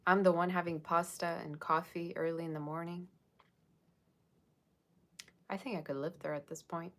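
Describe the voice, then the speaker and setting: A woman's voice: lowish voice, steady tone, normal speed, fairly bright tone. A woman giving a casual, rambling livestream tarot reading, chatting with viewers and thanking them by name. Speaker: tarot reader.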